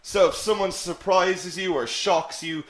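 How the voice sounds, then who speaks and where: A man's voice: sits high, measured pace, reverberant. A man teaching an English lesson, explaining words with frequent checks like "okay?" and self-mocking asides. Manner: lively, animated explaining with many "okay?" checks. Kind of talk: live online English lesson.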